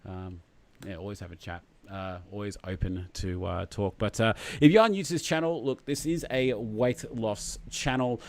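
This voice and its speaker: A man's voice: on the low side, normal speed. A man hosting a casual livestream chat, laid-back and rambling, greeting viewers by name. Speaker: host.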